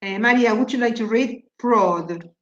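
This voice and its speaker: A woman from Argentina teaching an online English class, explaining vocabulary in a halting way and repeating words as she thinks. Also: a little high, a bit bright. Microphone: video call. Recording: echoey, dull call audio.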